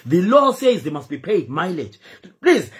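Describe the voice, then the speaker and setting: Zimbabwean male streamer, high animated voice, emphatic and pleading. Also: normal speed. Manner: pleading, emphatic, switches between English and Shona. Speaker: host. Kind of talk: impassioned live-stream talk.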